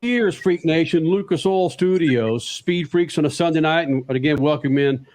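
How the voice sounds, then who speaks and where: A man hosting a radio talk show, talking with enthusiasm and hyping up his guest. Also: a little high. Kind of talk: energetic casual radio talk. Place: radio studio.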